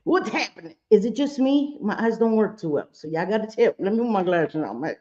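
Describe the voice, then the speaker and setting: A woman's voice: mid-range voice, expressive, a little fast, mellow, dull audio. Chatty woman streaming from home, swearing and laughing. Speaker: livestream host. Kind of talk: casual livestream chat. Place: home room with bright lights.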